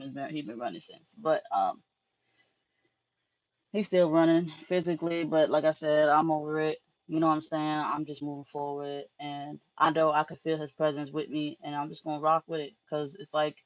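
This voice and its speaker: A woman's voice: sits low, no room sound. Woman spiritual teacher, loose and profane storyteller, dry lo-fi recording. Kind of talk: casual spiritual monologue.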